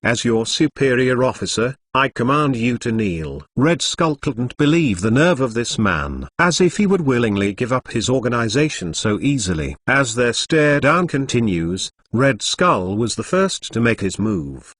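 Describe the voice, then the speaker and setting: A man reading a story aloud as scripted narration in an even, synthetic manner. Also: medium pitch, no room sound.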